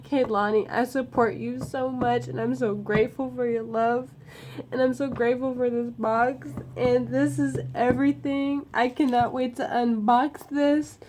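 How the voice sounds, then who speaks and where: A young woman with a slightly high voice unboxes gifts in a casual vlog, taking her time between phrases. She talks in an effusive, slangy way that keeps tipping toward tears. Her throat sounds a little dry. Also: a little hiss or hum. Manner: excitable, emotional, slangy and effusive.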